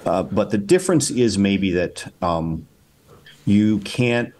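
A man's voice: lowish voice, animated, slow, darkish tone. A male documentary filmmaker talking casually as an interview guest, thinking aloud with many fillers and restarts. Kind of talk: casual conversation.

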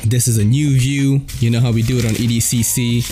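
A man's voice: mid-range voice, steady tone, a little fast, over music. A man hosting his own unboxing vlog, chatting to viewers in a hyped, slangy way. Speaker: host of a knife unboxing channel. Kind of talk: casual unboxing vlog chat.

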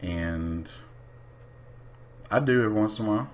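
A man's voice: fairly low pitch, moderate pace. A man talking casually to camera, blunt, profane and unapologetic. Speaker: vlogger.

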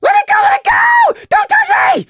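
A man voicing a small, panicky male pony who shrieks in a squeaky voice. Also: sing-song, normal speed, creaky, sharp tone, no room sound, shouting, studio quality, full character voice. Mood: panicked. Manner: shrieking, frantic.

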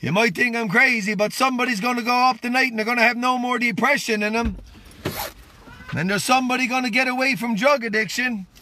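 A man, tired and worn out, preaching on a live stream in an excitable, fervent, exclamatory way. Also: very high-pitched, quick pace, a little hiss or hum. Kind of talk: impromptu livestream preaching and greetings.

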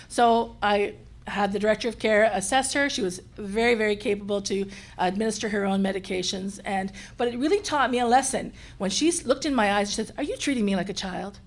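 A woman from Canada, a care home administrator, telling a story on a panel in a lively, self-mocking way. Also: medium pitch.

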